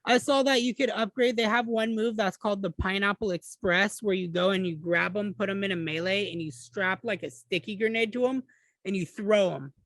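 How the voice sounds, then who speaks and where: A man with a fairly high voice talks casually about games as a podcast co-host. He sounds relaxed and chatty, swears now and then, and is recorded dry and close with no room sound. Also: moderate pace, no echo. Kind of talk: casual gaming chat.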